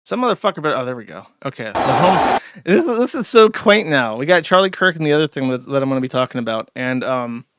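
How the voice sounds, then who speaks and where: A man's voice: mid-range voice, sing-song, fast, heavy background noise. A young man hosting a stream, giving crude, sarcastic, mocking commentary from his home setup. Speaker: streamer host. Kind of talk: casual commentary. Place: home studio.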